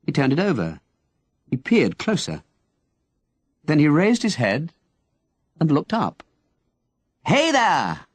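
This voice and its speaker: A man narrating an audiobook in an expressive storytelling manner. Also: on the high side, unhurried, pauses often, slightly rough, no room sound. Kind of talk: scripted narration.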